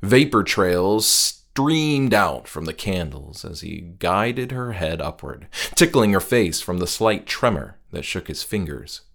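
A man with a deep, creaky, sing-song voice narrates a horror short story. His delivery is measured and hushed, trailing off quietly at the end of each phrase.

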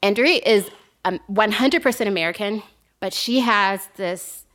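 A woman casually telling a story to a friend on a podcast, animated and laughing often. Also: mid-range voice, moderate pace.

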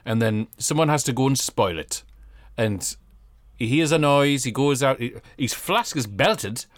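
Lively British man, animated chat. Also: medium pitch, unhurried, no echo, studio quality. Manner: chatty, jokey, animated storytelling. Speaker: podcast co-host. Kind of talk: casual chat review.

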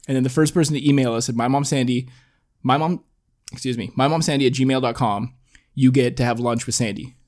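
Brief: casual, swearing male host, mid-pitched. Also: steady tone, brisk, darkish tone. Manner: rambling and profane, frequent "like". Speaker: podcast host. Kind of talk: casual chat, movie recap.

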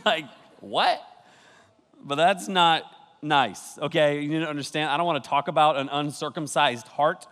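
A youth pastor delivers a joking sermon to young people, playful and pausing to laugh and act out how they might react. His voice is a little high for a man and fairly bright, at a moderate pace. The long reverb of a large church hall surrounds him, and a camera crew is filming.

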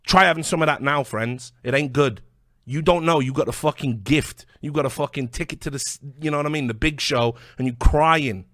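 Brash British commentator; heated, combative rant with stammered restarts, dry and close. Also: male voice, a little high, brisk, fairly bright tone, no room sound. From Britain. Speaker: online commentator. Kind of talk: angry video rant.

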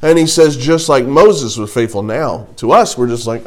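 A man teaches a Bible class in a relaxed, conversational manner, reading scripture aloud and breaking off for jokes and asides. He speaks in a mid-range voice at normal speed.

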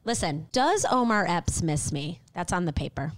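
A woman co-hosting a comedy podcast, chatting casually with deadpan, mock-dramatic jokes. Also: on the low side, moderate pace. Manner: trailing fillers like "like". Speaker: podcast co-host.

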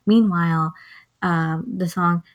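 In a lo-fi recording, a woman with a lowish voice slowly retells a movie's plot as a co-host in casual conversation. Her storytelling is animated, full of acted-out lines and hummed songs.

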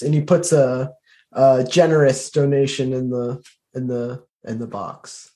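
A man's voice: medium pitch, steady tone, measured pace, warm tone. A man playing a knight in a tabletop game, talking hesitantly with many fillers and restarts. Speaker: player. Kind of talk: tabletop role-play, describing his knight.

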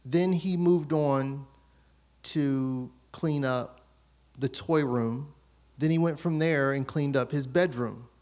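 A man's voice: medium pitch, takes it slowly, darkish tone. A man in his thirties preaching a sermon as pastor, telling a story about his children and acting out their voices.

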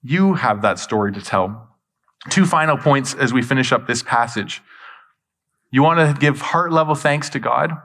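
A man's voice: medium pitch, expressive, normal speed, fairly bright tone. Man preaching earnestly to a congregation. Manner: earnest preaching with rhetorical questions and repetition. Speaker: pastor. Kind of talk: sermon.

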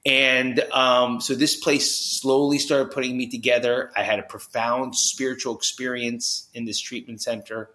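Energetic podcast guest from New Jersey, bright voice, acts out the people he quotes, slightly echoey room. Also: medium pitch, measured pace, hardly any pauses. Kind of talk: personal storytelling in a podcast interview.

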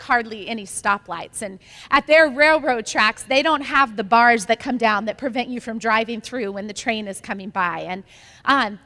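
A woman pastor with a high voice preaches a sermon, moving from storytelling into emphatic, repeated lines. Her voice rings out with the long reverb of a large hall. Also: bright, forceful tone.

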